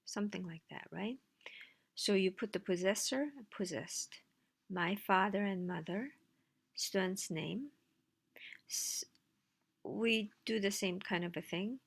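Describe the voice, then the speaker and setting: A woman's voice: medium pitch, takes it slowly, vocal fry, pauses often, slightly rough. A woman teaching a language lesson, explaining slides in a casual way with dry asides. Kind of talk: recorded lecture with slides.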